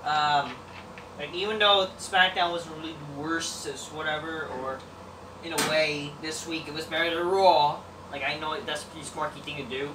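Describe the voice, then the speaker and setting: A man's voice: fairly high pitch, steady tone, moderate pace. A man giving a casual, rambling, profane review of a wrestling show, dismissive and full of fillers. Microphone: distant mic. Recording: roomy distant mic with background noise.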